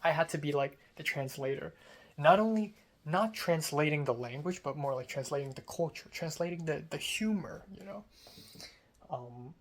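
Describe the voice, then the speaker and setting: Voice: mid-range voice, expressive, normal speed. A young adult from Hong Kong who works as a script supervisor, talking casually and candidly and filling the talk with "like" and "um". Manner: chatty and candid, heavy use of "like" and "um". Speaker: script supervisor on a student film set. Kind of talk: casual storytelling vlog.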